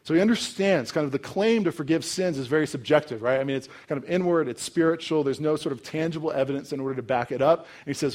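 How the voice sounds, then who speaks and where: A man's voice: fairly high pitch, quick pace, few pauses, darkish tone. A young adult man preaching a sermon in a conversational, storytelling way with touches of humor. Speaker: pastor.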